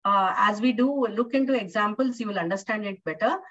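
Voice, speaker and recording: A woman's voice: mid-range voice, a little fast, a bit bright. A woman lecturer with an Indian English accent explains patiently, repeating points and asking students questions. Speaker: university lecturer. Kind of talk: classroom lecture. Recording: distant, dull lo-fi classroom recording.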